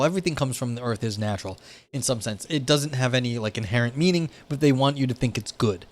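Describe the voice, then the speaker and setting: A man's voice: medium pitch, fast talker. A man hosting a livestream, reading a philosophy paper aloud and then explaining it in loose, chatty asides to his viewers. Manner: chats with live viewers between passages. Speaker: livestream host.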